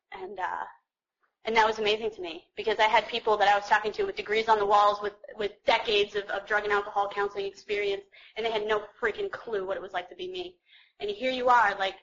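A woman's voice: a little high, fairly bright tone, highs cut off. A young woman sharing her personal story with a group in a chatty, self-mocking way, full of fillers. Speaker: speaker sharing her story at a recovery meeting.

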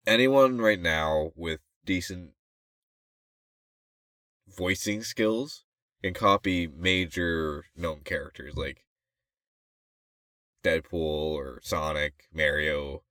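A man's voice: low voice, slow, pauses often, fairly bright tone, no echo, studio quality. A man co-hosting a casual podcast, musing aloud in loose, rambling sentences that sometimes trail off. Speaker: podcast co-host.

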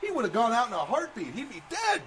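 A man voicing an excitable male wrestling announcer who shrieks his play-by-play. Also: extremely high pitch, fairly quick, slight background noise, voice pushed up, exaggerated voice. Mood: hyped.

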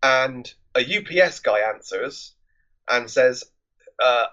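A man's voice: medium pitch, expressive, slow, sharp tone, dull audio. A man hosting a film podcast, recapping a movie plot in a loose, rambling, conversational way.

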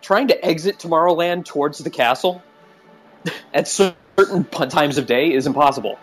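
A man's voice: fairly high pitch, normal speed, husky, soft background music. A man co-hosting a casual chat over a call, talkative and teasing. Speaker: podcast co-host.

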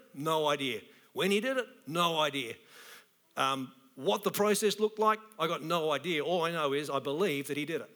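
Male pastor, slightly high voice, casual and animated sermon delivery. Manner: colloquial, animated preaching.

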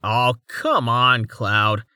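A man's voice: mid-range voice, very slow, pushed and bright, smooth, dry recording, studio quality, heavily acted. A man voicing a curious, playful young male mage who thinks aloud in a fantasy audiobook.

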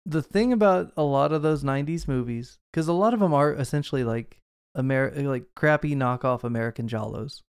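A man's voice: mid-range voice, fairly quick, clear, resonant tone, no room sound, clean studio sound. A man co-hosting a podcast, talking through a movie in a rambling, casual way with lots of asides. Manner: chatty, rambling with fillers and asides. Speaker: podcast co-host.

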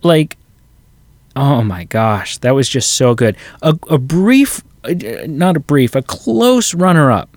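A man's voice: mid-range voice, animated, takes it slowly, no room sound. A man co-hosting a podcast, chatting casually about a film and retelling scenes with quoted lines. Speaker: podcast co-host. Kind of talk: casual movie review chat.

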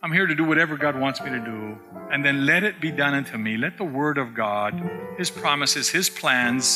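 Male pastor preaching, keeps repeating himself for emphasis, echoey church with music going. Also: mid-range voice. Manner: rising to emphatic, repeating phrases. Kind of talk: sermon.

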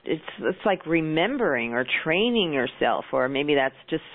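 An interview host speaks haltingly, repeating words and summing up what the guest has said. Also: mid-range voice, sing-song. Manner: halting, restating the guest's point. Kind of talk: casual interview chat. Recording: tinny phone-line sound.

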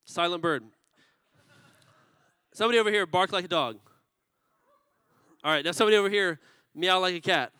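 Playful high-voiced male pastor. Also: normal speed, long pauses, pushed and bright, clear, resonant tone, dry recording, poor audio. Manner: playful, teasing the congregation. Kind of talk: sermon with a comic story.

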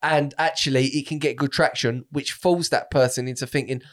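A man's voice: medium pitch, steady tone, brisk. A man co-hosting a comedy podcast, ranting animatedly in casual banter and swearing freely.

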